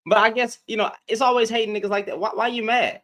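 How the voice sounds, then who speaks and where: A man's voice: high voice, fairly quick, fairly bright tone. A man hosting a casual livestream, talking straight to his chat with a lot of repetition and taunting. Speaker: livestream host. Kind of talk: casual live-stream commentary.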